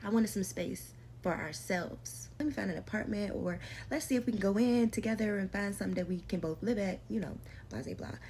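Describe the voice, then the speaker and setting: Young woman, storytime vlog, casual, slangy, emphatic, repeats for effect, mid-pitched voice. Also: brisk, a little mellow, slight background noise.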